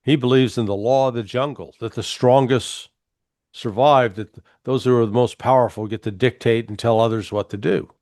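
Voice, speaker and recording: A man's voice: medium pitch, fairly even intonation, a little mellow, no room sound. Emphatic man, dry sound. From United States. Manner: emphatic, hesitant restarts, slows down to stress points. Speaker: guest commentator. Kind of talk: political interview talk.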